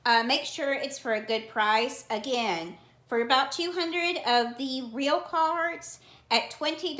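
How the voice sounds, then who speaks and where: A woman's voice: a little high, fairly bright tone, roomy sound. A woman hosting a card collecting vlog, chatting casually in a put-on cheesy Southern US accent and calling herself Auntie. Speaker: card collecting channel host.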